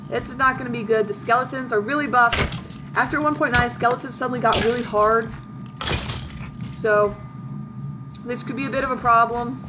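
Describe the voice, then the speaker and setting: A woman hosting a let's-play video, chatting through a game in a playful, mock-dramatic way. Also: fairly high pitch. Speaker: gaming video host.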